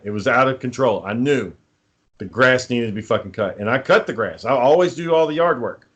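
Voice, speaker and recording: A man's voice: medium pitch, lively intonation, brisk, a bit bright, husky, lo-fi sound. A man co-hosting a casual chat, swearing freely as he tells heated stories about home life. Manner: profane, heated storytelling.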